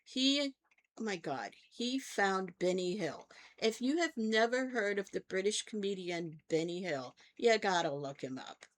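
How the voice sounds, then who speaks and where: Slow, lively older woman vlogger. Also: mid-range voice. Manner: chatty storytelling, often checks in with "okay?". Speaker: vlog host and therapist. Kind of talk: casual talk to camera.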